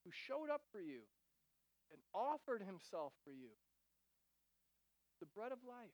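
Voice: medium pitch, big pitch swings, measured pace, a little mellow, dry recording. A preacher giving an earnest sermon, reading scripture aloud and breaking off for casual asides and repeated phrases.

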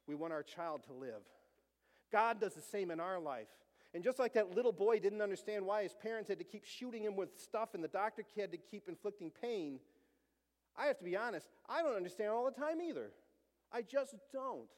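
A man's voice: sits high, expressive, brisk. A middle-aged man preaching a sermon, earnest and full of stories. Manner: storytelling, earnest. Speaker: pastor. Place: church sanctuary. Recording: long church reverb.

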